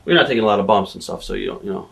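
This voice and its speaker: A woman with an extremely low voice conducts an interview. She asks casual, loose questions and chimes in with quick affirmations. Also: expressive, gravelly. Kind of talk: wrestling shoot interview.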